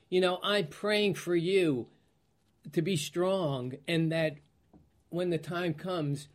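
Casting: male pastor, unhurried Bible study delivery, somewhat high voice, clears his throat while hunting for verses. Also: darkish tone. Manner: slow, searching, clears throat, loses place; reads scripture aloud in King James wording. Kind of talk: Bible teaching.

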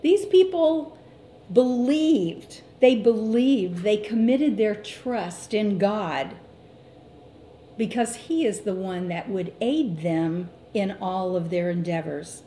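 A middle-aged woman teaching a Bible lesson, speaking slowly and deliberately and quoting scripture. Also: mid-range voice, lively intonation, dark tone, slight background noise. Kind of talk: sermon. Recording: echoey room with faint ambience.

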